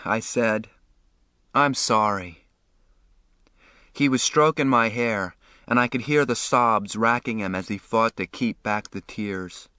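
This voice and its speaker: Slow, measured male audiobook narrator. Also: lowish voice, pushed and bright, smooth, no room sound, studio quality. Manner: measured, plain reading. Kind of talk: first-person novel narration.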